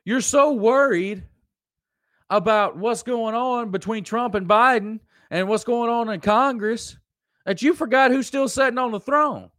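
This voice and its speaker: A man's voice: very high-pitched, unhurried, fairly bright tone, no echo, studio quality. Preachy Southern man ranting. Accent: Southern American. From American South. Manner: preachy, emphatic, repeats lines for effect. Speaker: host. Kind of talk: ranting live-stream commentary.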